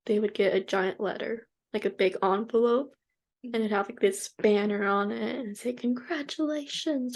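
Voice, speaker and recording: A woman's voice: mid-range voice, a little mellow. A woman co-hosting a podcast in casual chat, hesitant and searching for words. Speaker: podcast co-host.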